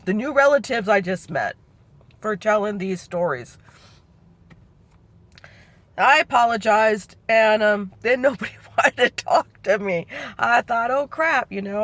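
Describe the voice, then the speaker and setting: A woman's voice: mid-range voice, no room sound. A middle-aged woman telling a personal family memory in a rambling, conversational way that keeps correcting itself. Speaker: family storyteller. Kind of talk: personal oral-history recollection.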